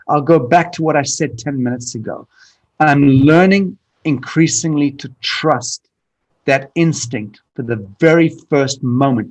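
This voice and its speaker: A man being interviewed who answers bluntly and emphatically, restarting phrases and repeating words often. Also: medium pitch. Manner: blunt, emphatic, profane at times; frequent restarts and repetition. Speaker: podcast guest. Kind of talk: candid conversational interview.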